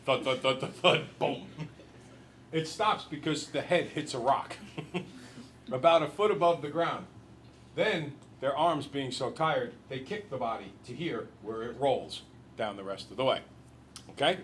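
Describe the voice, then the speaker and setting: Bright-voiced joking male teacher. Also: mid-range voice, measured pace, a little hiss or hum. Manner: animated, joking storyteller. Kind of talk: classroom lecture. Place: classroom.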